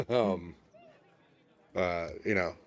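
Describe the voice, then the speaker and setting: With a low voice and drawn-out words, a man narrates a tabletop role-playing game as game master. His delivery is loose and rambling, with lots of fillers and restarts.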